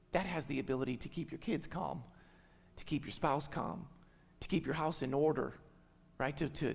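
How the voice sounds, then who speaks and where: Emphatic high-voiced male pastor preaching. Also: creaky, in a large hall. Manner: emphatic, repeats key phrases, tags lines with "right?". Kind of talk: sermon. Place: church sanctuary.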